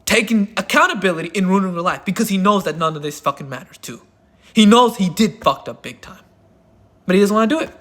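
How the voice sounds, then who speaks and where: A man's voice: high voice, expressive, fast talker, a bit bright. A man ranting through his opinion commentary as a channel host, swearing often and hammering each point with emphatic repetition. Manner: profane, heated and emphatic.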